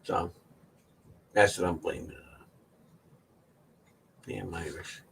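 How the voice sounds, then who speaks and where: A man's voice: sits low, steady tone, slow, gravelly, slight background noise. A middle-aged man hosting his own channel, telling a story in a folksy, casual way and laughing often. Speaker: channel host.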